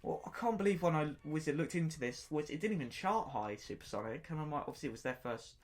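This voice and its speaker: A fast-talking, animated man with a slightly high voice reviews an album on his own podcast. The talk is casual and unscripted, full of enthusiastic rambling, repetition and pauses while he gropes for words.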